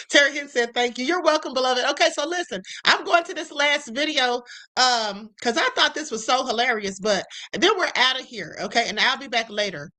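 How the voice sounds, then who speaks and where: A woman with a high, bright voice hosts a casual live stream. She chats with amusement and calls her viewers beloved and honey. Her delivery is loose and conversational. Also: moderate pace, low-quality recording.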